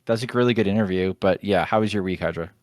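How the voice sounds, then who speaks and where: A man's voice: low voice, fast talker, a little mellow, no echo, studio quality. A man co-hosting a podcast, making wry, joking asides in casual chat. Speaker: podcast co-host.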